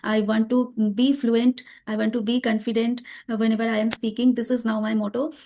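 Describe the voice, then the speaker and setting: Hesitant Indian-accented woman, mellow voice. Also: on the high side, little pitch movement, brisk. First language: Bengali. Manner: hesitant, frequent fillers and restarts. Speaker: guest learner. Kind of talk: conversational English practice interview.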